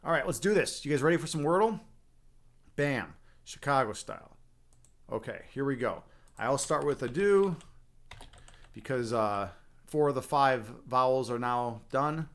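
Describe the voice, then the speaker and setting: A man's voice: medium pitch, expressive, measured pace, pauses often. A man hosting a casual livestream, rambling and chatting with viewers and swearing now and then. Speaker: livestream host.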